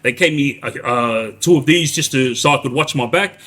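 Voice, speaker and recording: A man's voice: medium pitch, moderate pace, a bit bright. A man, telling stories on a live stream in a rambling way, full of restarts and "yeah?" checks. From Australia. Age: 40s. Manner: rambling, many restarts and tag questions like "yeah?". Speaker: livestreamer telling prison stories. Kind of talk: casual storytelling on a live stream.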